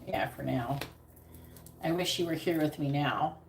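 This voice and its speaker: A woman's voice: low voice, unhurried, creaky. A woman doing a live-streamed psychic reading, repeating her questions again and again and breaking off for casual asides. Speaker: psychic reader. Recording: echoey room with background noise.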